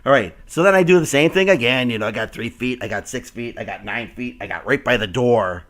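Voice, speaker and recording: A man's voice: mid-range voice, brisk, a bit bright. A man hosting a casual chat, telling a funny story and mimicking baby talk to a dog. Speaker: host.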